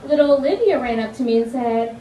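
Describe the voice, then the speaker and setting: A woman from New Jersey doing a stand-up comedy set, telling animated stories with sudden high-pitched punchlines. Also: quick pace, far from the mic. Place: comedy club stage. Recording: echoey club recording from afar, with crowd laughter.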